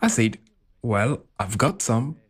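A man voicing a translated interview, telling his story in an animated way. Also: mid-range voice, slow pace, husky. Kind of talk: voiced-over translation.

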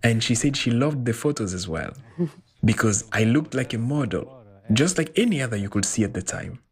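A man voicing a translated interview, telling his story in an animated way. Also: mid-range voice, normal speed, a crowd in the background. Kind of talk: voiced-over translation.

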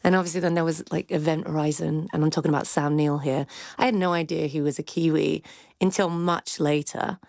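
A woman's voice: sits low, steady tone, brisk, creaky, a little mellow, no room sound. A woman film critic giving candid, chatty opinions in a radio discussion. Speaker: film critic, cultural commentator.

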